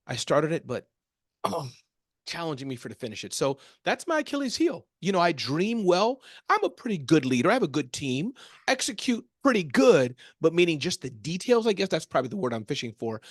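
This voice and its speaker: A man talking as a guest in a casual interview, animated and acting out little quotes as he tells stories. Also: fairly high pitch, no room sound, clean studio sound. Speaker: guest, small business speaker.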